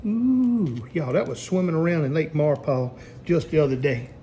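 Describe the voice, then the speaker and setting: A man with a Louisiana accent showing how he fries catfish, calling out to viewers with excited exclamations. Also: fairly high pitch, moderate pace, slight background noise. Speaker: cook and channel host. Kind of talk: cooking demonstration. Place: store kitchen.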